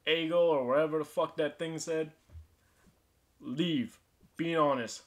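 Young male gaming commentator, fairly high voice, angry swearing rants at teammates. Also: a little slow. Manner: frustrated, swearing, ranting at teammates. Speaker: gaming youtuber. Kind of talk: casual gameplay commentary.

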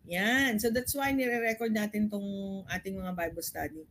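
A woman's voice: medium pitch, steady tone, moderate pace, a bit bright, slight background noise, low-quality recording. A middle-aged woman with a Filipino accent, teaching a Bible study in an earnest, explanatory way. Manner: switches between English and Tagalog, earnest and explanatory.

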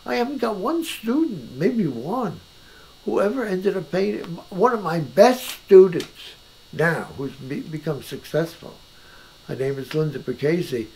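An older man talks in a relaxed conversation in his own house. His voice is rather high and gravelly, and its pitch swings widely. He speaks emphatically and often restarts his thoughts. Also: unhurried, slight background noise, rough recording. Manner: animated, emphatic, with many restarts. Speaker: painter being interviewed. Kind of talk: casual conversation.

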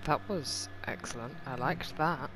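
A man's voice: mid-range voice, unhurried, noisy background. A man casually commenting on a game he is playing, sarcastic and swearing freely. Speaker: let's play host.

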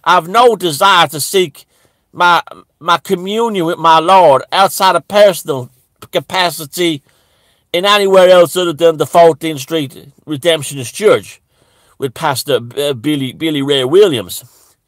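A man's voice: on the high side, measured pace, fairly bright tone, dry recording. A man playing a rambling, bigoted churchgoing man in a satirical monologue, stammering and restarting almost every phrase. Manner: stammering, with constant restarts and repeated words.

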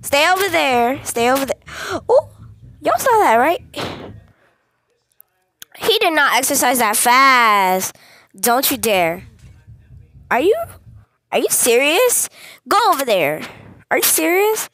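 A woman's voice: high-pitched, sing-song, slow pace, long pauses, bright, forceful tone, dry recording, studio quality. Jumpy young woman on gameplay commentary. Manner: jumpy, easily scared, talks straight to viewers; repeats short phrases over and over. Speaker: gaming channel host.

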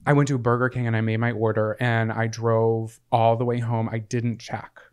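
A man's voice: mid-range voice, flat delivery, normal speed, clear, resonant tone. A man co-hosting a podcast, talking earnestly in casual chat and rambling through explanations. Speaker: podcast co-host.

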